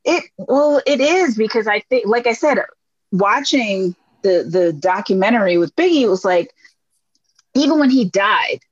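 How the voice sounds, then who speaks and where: A woman from Brooklyn chats casually and tells stories with animation, playing out the voices of people she quotes. Her voice is husky. The recording sounds dull and dry, close to the mic. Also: mid-range voice, normal speed, no echo. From Brooklyn, New York. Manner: animated, acts out quoted dialogue with laughs. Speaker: guest. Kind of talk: casual storytelling conversation.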